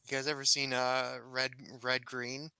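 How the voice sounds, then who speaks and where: A man in a relaxed game-night chat whose voice is very bright and clean. He stops and restarts a lot as he recalls funny scenes. The sound is dry and close. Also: medium pitch, measured pace, smooth, no room sound, poor audio. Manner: chatty, recounts TV bits with many restarts. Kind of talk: casual chat among tabletop players.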